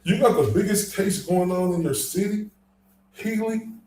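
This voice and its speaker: A man's voice: sits high, moderate pace, darkish tone, a little hiss or hum. Profane ranting man on livestream. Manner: profane, rambling, reads chat aloud. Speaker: livestream host. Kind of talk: casual livestream commentary. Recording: echoey room, voice from far off.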